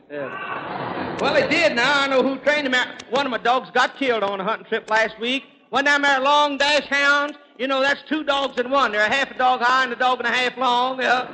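A man's voice: very high voice, sharp tone. A man telling rural hunting gags as a stage comedian, folksy, chuckling at his own jokes and stammering on restarts. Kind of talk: rapid-fire rural stand-up gags. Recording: echoey hall with faint noise.

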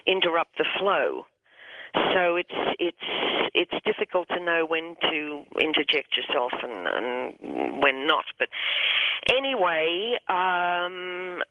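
A hypnotherapist phoned in to a radio show, recounting a session in an even, middle-pitched voice. The speech stumbles and circles back on itself, repeating words before moving on. The whole thing comes through a narrow, tinny phone line. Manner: halting, with many restarts and repeated words. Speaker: hypnotherapist guest. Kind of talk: storytelling on a radio call-in. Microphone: telephone.

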